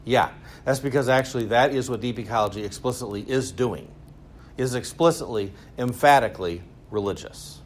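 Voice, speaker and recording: A man gives a loose, conversational lecture in a middle-pitched voice. He drifts between muttered low asides and sarcastic, animated swells, and he cracks jokes as he goes. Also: normal speed. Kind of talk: university lecture. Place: school lecture room.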